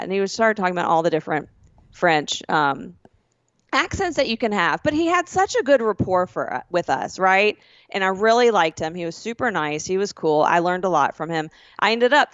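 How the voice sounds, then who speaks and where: A woman's voice: fairly low pitch, smooth, no echo, lo-fi sound. A woman co-hosting a podcast, telling a rambling school story in casual chat and correcting herself as she goes. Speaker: podcast co-host.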